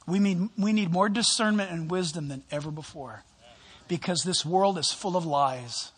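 A male pastor preaching a sermon, telling stories and acting out the voices in them with an animated manner. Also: high voice, normal speed, husky. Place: church sanctuary. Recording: long hall reverb.

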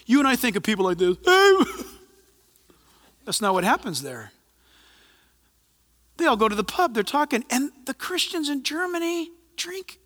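A man preaching in a church, his bright voice swinging up and down as he talks. He keeps it conversational and animated, with joking asides. The sound rings with a long hall reverb. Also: very high voice. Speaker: pastor. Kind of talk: sermon.

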